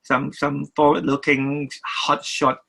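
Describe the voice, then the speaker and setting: A man's voice: fairly high pitch, completely flat delivery, creaky, pushed and bright, low-quality recording. An older man, a record producer, talking as an interview guest, stopping and restarting his sentences often. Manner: halting, many restarts and repeated words.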